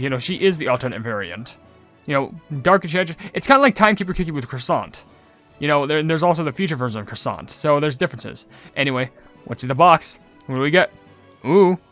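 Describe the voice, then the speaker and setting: Chatty young man with a slightly high voice. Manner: chatty, rambling, gets loudly excited over loot. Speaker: gaming channel host. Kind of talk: casual gameplay commentary.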